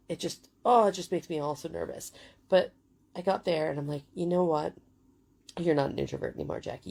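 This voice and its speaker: A woman's voice: deep voice, gravelly, mellow. A woman in her forties telling a story in a chatty, casual way, full of fillers and swearing. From United Kingdom. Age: 40s. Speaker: vlogger.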